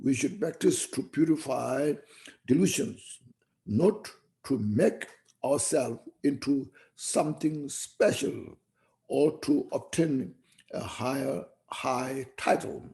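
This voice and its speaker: A male Buddhist teacher gives a Dharma talk slowly and deliberately in a warm, mid-range voice with a gravelly, creaky edge. Reflective in manner, he keeps punctuating his points with "you see" and "you know."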